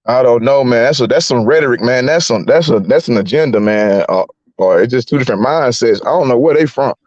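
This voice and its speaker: A man in casual chat, talking animatedly and laughing, his voice jumping high when he gets worked up. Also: animated, fairly quick, a little mellow, no echo, muffled recording.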